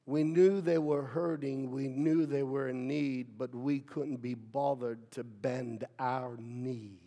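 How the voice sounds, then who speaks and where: A man preaching a sermon as pastor, with playful asides, building from quiet talk to shouted preaching. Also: medium pitch, steady tone, slow.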